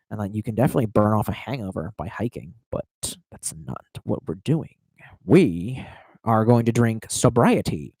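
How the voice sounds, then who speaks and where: A man's voice: medium pitch, darkish tone, no room sound. A man in his thirties on a livestream telling rambling, profane stories and laughing at his own tangents. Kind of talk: rambling storytelling.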